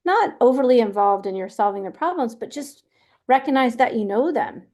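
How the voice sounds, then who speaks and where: A woman's voice: fairly high pitch, expressive, normal speed, darkish tone. A middle-aged woman hosting a webinar, talking casually with lots of fillers and restarts. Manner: chatty, many fillers and restarts. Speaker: webinar host.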